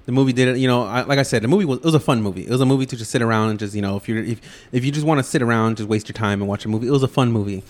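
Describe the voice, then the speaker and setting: A man's voice: mid-range voice, rapid-fire, few pauses. A man co-hosting a casual podcast movie review, talking in a blunt, cynical and profane way. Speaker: podcast co-host.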